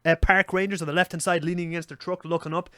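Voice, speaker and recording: Irish guy rattling off a story, bright voice, dry close sound. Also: a little high, dry recording. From Ireland. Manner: animated, swears freely, rapid. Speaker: podcast co-host. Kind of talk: casual storytelling chat.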